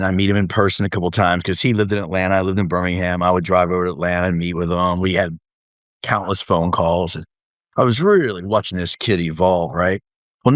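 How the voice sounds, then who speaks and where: A man's voice: low voice, no room sound. A middle-aged man telling a long story in an interview, acting out the voices of the people he quotes. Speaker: podcast guest.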